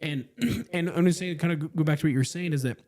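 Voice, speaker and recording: A man's voice: fairly high pitch, fast talker, a little mellow. A man, a podcast guest, giving earnest, reflective advice in casual chat. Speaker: podcast guest, brand co-founder.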